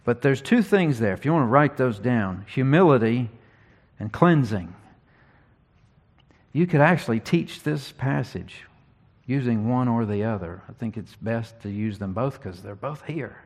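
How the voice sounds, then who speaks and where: A man preaching an expository sermon, teaching earnestly and reading scripture slowly with emphasis. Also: medium pitch, expressive.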